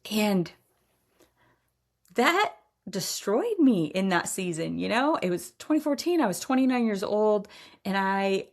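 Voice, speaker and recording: A woman in her forties hosting a podcast, telling personal stories in a candid, emphatic way and laughing now and then. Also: medium pitch. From Iowa. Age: 40s. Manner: candid, emphatic, says y'all, laughs often. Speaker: podcast host. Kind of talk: personal storytelling monologue.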